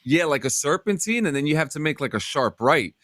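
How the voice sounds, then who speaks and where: A man's voice: fairly high pitch, fairly quick, dry recording. A man telling a story in a casual podcast chat. He swears a lot and acts out the people he quotes. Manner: animated, profane, acts out shouted quotes. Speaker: podcast host.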